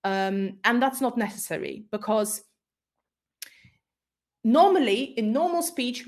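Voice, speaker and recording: Polish-speaking woman teacher trainer. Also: mid-range voice. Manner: explanatory, checks in with frequent "right?". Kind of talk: conference talk on pronunciation.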